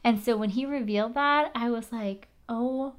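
A woman in casual recap chat, animated, swearing and using many fillers. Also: fairly high pitch, normal speed.

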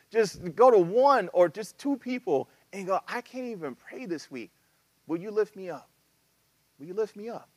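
A man preaching a sermon as pastor, talking with a casual, animated style full of asides and acted-out quotes. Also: fairly high pitch, no room sound.

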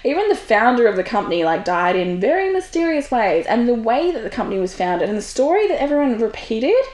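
A woman's voice: fairly high pitch, very animated, a little fast, a little mellow. A woman hosting a podcast, talking in a frank, candid monologue and swearing freely. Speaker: podcast host. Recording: roomy echo.

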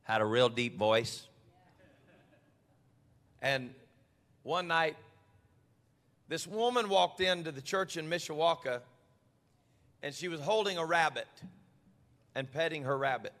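A male pastor telling stories in a sermon, then building to passionate shouted preaching in a church. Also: on the high side, lively intonation, takes it slowly, long pauses, big-room sound.

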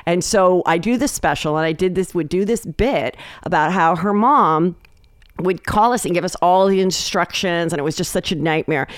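A woman comedian guest in a casual podcast chat, telling stories in an animated way and acting out quoted voices. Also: lowish voice, normal speed, dry recording, clean studio sound. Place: podcast studio.

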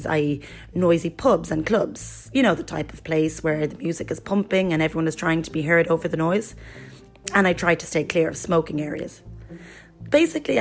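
A woman with a somewhat low voice reads a personal account in the first person, as scripted narration. Her delivery is even and storytelling in tone, with faint music playing underneath. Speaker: guest reader voicing a friend's blog.

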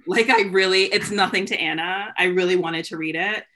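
A woman's voice: lowish voice, steady tone, fairly quick, bright, forceful tone. A young adult woman in casual podcast chat, rambling with casual slang.

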